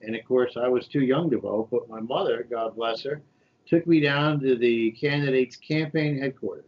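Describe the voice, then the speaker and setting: A man's voice: medium pitch, normal speed. Storytelling man in his sixties from New York. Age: 60s. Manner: animated anecdotes, acts out quoted voices. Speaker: shadow senator, guest. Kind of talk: storytelling interview. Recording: dull lo-fi podcast audio.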